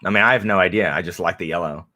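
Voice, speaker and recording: A man's voice: low voice, rapid-fire, sharp tone. A man co-hosting a casual livestream, rambling and laughing, with many restarts and fillers. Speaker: co-host of a book channel livestream.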